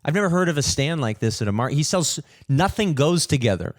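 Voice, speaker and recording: A young man hosting a podcast, telling a story in an animated, swearing rant and mimicking people in higher voices. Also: a little fast, dry recording. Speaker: podcast host, comedian.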